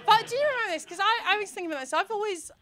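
A woman in her early thirties performs bawdy stand-up in a comedy club. Her voice sits high and swoops all over the place. She acts out scenes loudly and often breaks into shouts. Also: expressive, racing. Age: 30s.

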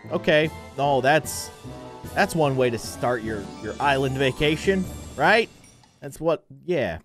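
Animated man doing game commentary. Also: medium pitch, slow pace, soft background music. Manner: animated, joking, mock-annoyed. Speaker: gaming video host. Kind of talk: playful gameplay commentary.

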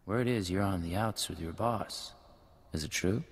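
A terse, cool spy. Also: male voice, low voice, breathy edge, long reverb tail. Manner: calm, measured, terse. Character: cool, composed male spy agent. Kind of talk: video game dialogue.

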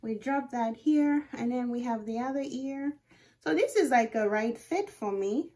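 A high-voiced young woman talks unhurriedly into a phone camera as she fits a wig. She exclaims often and narrates each step of her wig install to viewers in casual self-talk, veering between excitement and nerves. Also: a little slow. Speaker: wig review vlogger.

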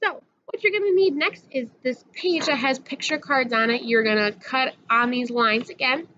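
A woman's voice: high voice, normal speed, pushed and bright, highs cut off, a little hiss or hum. A woman teacher giving a patient, sing-song phonics lesson to young children, drawing out each sound.

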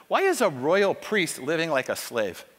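A man giving a conversational sermon at a conference, telling a Bible story with animated asides and acting out characters' voices. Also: fairly high pitch, normal speed. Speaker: conference speaker. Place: church auditorium. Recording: long church hall reverb.

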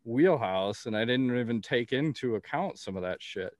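A man's voice: mid-range voice, expressive, a little fast, no echo, clean studio sound. A man hosting a podcast in casual chat, blunt and rambling, swearing freely. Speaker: podcast host.

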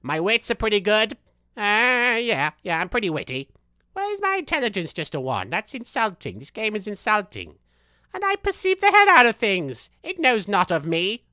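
A man's voice: high-pitched, huge pitch swings, moderate pace, pushed and bright, no echo, studio quality, heavily acted. A man voicing a vain, unhinged young male villain, streaming a game in character with boastful, theatrical talk. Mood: cocky. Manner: boastful, theatrical, wildly swinging delivery, laughs at himself. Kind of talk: in-character gameplay commentary.

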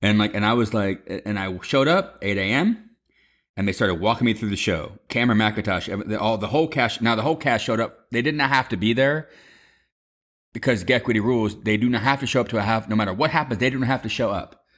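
A man telling a lively story to his mother over a video call, swearing freely and acting out quotes. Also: on the low side, fast. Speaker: son, former Broadway performer.

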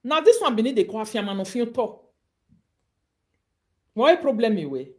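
A woman's voice: on the high side, very animated, moderate pace, warm tone. A woman with a Nigerian accent ranting on a live video, mocking and scolding her targets. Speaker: online commentator.

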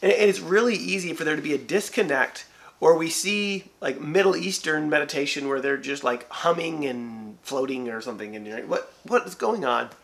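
Pastor guy doing a devotional chat, bright voice, kinda high, acts out little convos. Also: moderate pace, gravelly. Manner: animated, acts out imagined dialogue. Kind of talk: church devotional talk.

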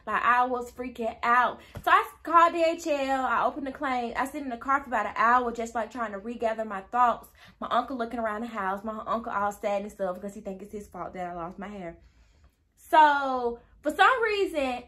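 A woman's voice: on the high side, normal speed, bright, forceful tone. A young woman telling a casual storytime to her viewers, chatty and easily sidetracked, acting out quoted dialogue. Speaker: vlogger.

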